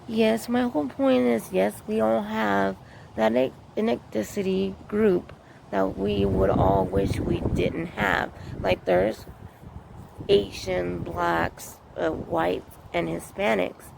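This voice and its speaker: A woman vlogger rambles earnestly through her opinions, circling back to the same points. Her voice is heavily gravelly, full of fry. The recording is noisy, with street and vehicle sounds behind her outdoors. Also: medium pitch, takes it slowly. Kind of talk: casual opinion monologue.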